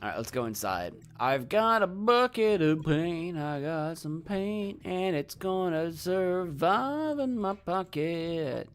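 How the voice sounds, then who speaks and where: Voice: medium pitch, sing-song, slow pace, few pauses, faint music behind. A streamer giving playful, rambling commentary while playing a video game live and talking to chat.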